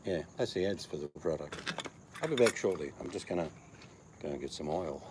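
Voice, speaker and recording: A man's voice: deep voice, expressive, fairly quick, background noise. A man hosting a livestream in casual chat, joking and bawdy. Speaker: livestream host.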